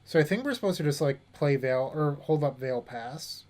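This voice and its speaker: A man's voice: on the high side, lively intonation, normal speed, a little mellow. A young man streaming a card game, thinking through plays aloud and chatting casually with viewers. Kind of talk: casual gameplay commentary.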